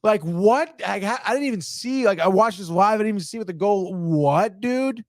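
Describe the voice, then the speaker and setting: Excited and profane, this sports podcast host picks apart game highlights and can't stop saying "dude." He talks at a normal speed, and the studio-quality audio has no echo.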